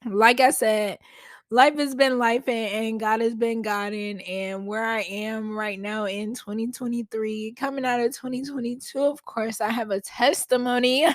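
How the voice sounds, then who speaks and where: A woman hosts a casual solo podcast from home, talking straight to her listeners in a chatty, slangy way. Her voice sits a little high and she takes her time with her words. The recording is dry and close, with almost no room sound. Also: steady tone, measured pace, dry recording. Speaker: podcast host. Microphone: podcast mic at a laptop.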